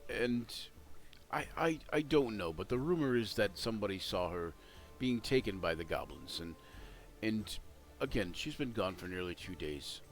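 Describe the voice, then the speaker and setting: A man narrating as game master of a tabletop game, talking in halting starts with many fillers, with faint music behind. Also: fairly low pitch, expressive.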